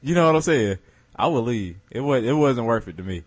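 A man's voice: mid-range voice, animated, a little fast, breathy edge. Laid-back man in casual chat.

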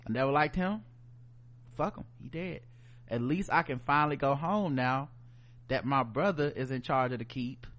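A man voicing a timid bookish young man who talks in hurried slang. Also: medium pitch, highs cut off, lightly acted. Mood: defiant.

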